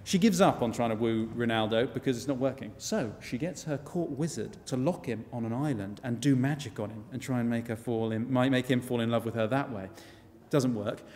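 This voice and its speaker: A man tells a tale live with wry, chatty asides, his voice sitting at a middle pitch. It rings with a long reverb in a church. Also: brisk, a little mellow, a little hiss or hum. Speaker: storyteller. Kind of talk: live comic storytelling.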